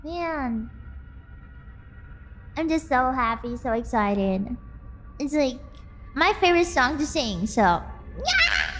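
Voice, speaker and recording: High-voiced chatty woman streamer. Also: measured pace. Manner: excitable, bursts into squealing and laughter. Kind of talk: casual chat with viewers. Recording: faint music in the background.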